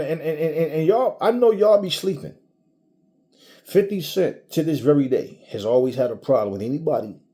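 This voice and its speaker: A man's voice: medium pitch, mellow. A man ranting to his audience in a casual, blunt, profane way, often restarting his sentences. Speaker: commentator. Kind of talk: casual rant to camera.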